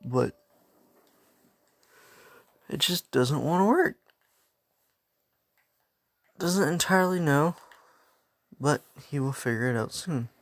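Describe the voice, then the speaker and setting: A man's voice: on the high side, very animated, takes it slowly, pauses often, no room sound. A young man casually telling a fan story, rambling and interrupting himself, laughing at his own asides.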